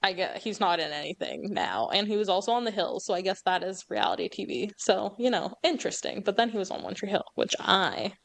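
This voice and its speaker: A young woman co-hosting a podcast, chatting casually and rambling through quick asides. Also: mid-range voice, very animated, creaky, no room sound. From Colorado, US. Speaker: podcast co-host. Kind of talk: casual chat.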